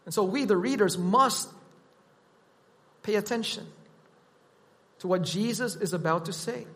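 A man preaching a sermon, teaching in a deliberate, emphatic way. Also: high voice, a bit bright, in a large hall.

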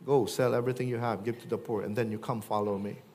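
A man, preaching a sermon and acting out quoted voices with lively swings. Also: fast talker, slight background noise. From Philippines. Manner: animated, acts out quoted voices with big pitch jumps. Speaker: pastor.

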